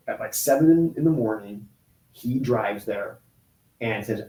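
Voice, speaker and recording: A man in his forties telling a painful personal story in an interview, halting and restarting often. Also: fairly low pitch, mellow. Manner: halting, with many restarts and pauses. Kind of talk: emotional personal account in an interview. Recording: roomy echo.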